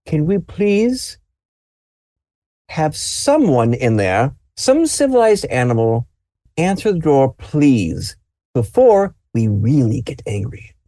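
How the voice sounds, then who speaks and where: A man's voice: fairly high pitch, sing-song, slow, mellow, dry recording, studio quality. A man voicing an angry, demanding mother who talks in a scolding way. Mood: annoyed. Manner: strained, scolding.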